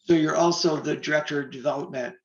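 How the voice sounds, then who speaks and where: A man's voice: a little high, steady tone, quick pace. A man hosting a TV interview, asking short questions with brief encouraging interjections. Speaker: TV interview host. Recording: roomy dull-sounding studio audio.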